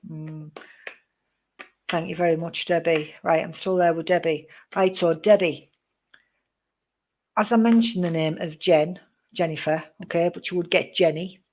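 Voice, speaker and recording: A woman giving psychic readings on a live stream, chatty and rambling, greeting viewers by name, with many pauses and "um"s. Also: on the low side, fairly even intonation, a little mellow, a little hiss or hum. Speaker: psychic reader.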